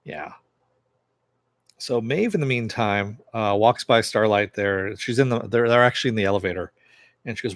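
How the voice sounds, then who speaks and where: A man's voice: lowish voice, normal speed, dry recording. Guy rambling thru a tv episode recap, lots of uh and you know, dry close sound. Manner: rambling retelling full of fillers. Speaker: TV episode reviewer.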